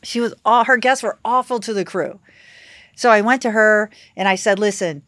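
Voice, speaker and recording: A woman, a yacht captain guest, telling lively anecdotes in a casual podcast chat and acting out what people said. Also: on the high side, moderate pace, no room sound, studio quality. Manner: animated anecdotes with acted-out quotes.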